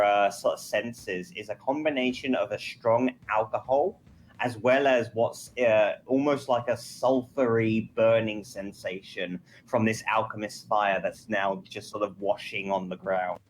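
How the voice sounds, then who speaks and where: A man's voice: fairly low pitch, unhurried, a little hiss or hum, low-quality recording. A man narrating a tabletop game as game master, in a meandering way with many fillers.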